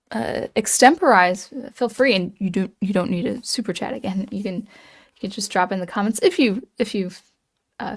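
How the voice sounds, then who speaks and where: Rambling, musing woman streamer. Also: mid-range voice. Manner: musing and hesitant, many ums and restarts. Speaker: livestream host reading chat comments. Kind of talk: casual livestream chat.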